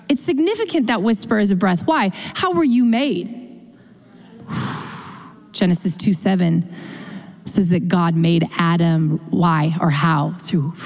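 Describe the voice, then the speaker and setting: A young adult woman pastor preaching a sermon, expressive, slowing down for emphasis and speeding up in quick asides. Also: lowish voice. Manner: expressive, shifts between slow emphatic phrasing and quick asides. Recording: long hall reverb.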